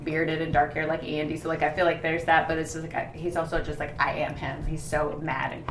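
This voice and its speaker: Deep-voiced, rambling woman co-host. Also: level tone, brisk, roomy sound, slight background noise. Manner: hesitant, rambling, many fillers. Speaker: podcast co-host. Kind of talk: casual podcast chat.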